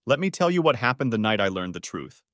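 A bitter, worn-down husband, voiced by a male reader, talks in a weary, self-mocking way. His pitch moves in lively swings, and the sound is dry and close to the mic. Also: fast, no room sound. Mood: bitter recounting. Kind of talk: audiobook character voice.

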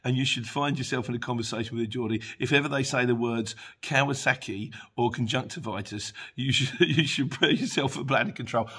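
A man's voice: mid-range voice, a bit bright, husky. A man, chatting casually as a courier driver who vlogs. He rambles, goes off on tangents, reads out viewer comments and laughs easily. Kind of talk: casual chat. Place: dim room at home.

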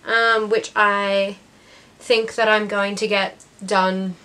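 A woman's voice: medium pitch, level tone, takes it slowly, long pauses, fairly bright tone. A young woman, hosting her knitting podcast in a chatty, rambling way with lots of ums and restarts. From Australia. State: has the hiccups. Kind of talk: casual chat.

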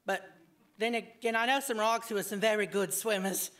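A woman voicing an excitable, scatterbrained male hatter who rambles from one topic to the next. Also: mid-range voice, moderate pace, natural voice. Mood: rambling. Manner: rambling, jumping between topics.

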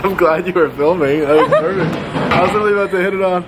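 A man's voice: high voice, quick pace, over a noisy crowd, very noisy. A young man chatting casually off camera, joking and laughing with a hesitant manner. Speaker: vlogger's companion. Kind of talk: casual chat.

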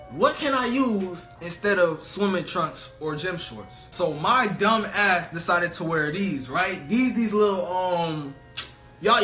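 A man's voice: sits high, pushed and bright. A young man telling a funny storytime vlog in slangy casual talk, full of "bro" and "you know what I'm saying". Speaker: storytelling vlogger.

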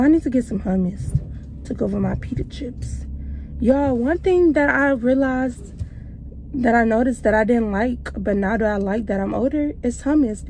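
A woman's voice: on the high side, warm tone, a little hiss or hum, low-quality recording. A young woman talking casually to her viewers in a vlog while out on errands, chatty and easily exasperated, a little out of breath from walking. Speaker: vlogger. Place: out and about, walking and driving.

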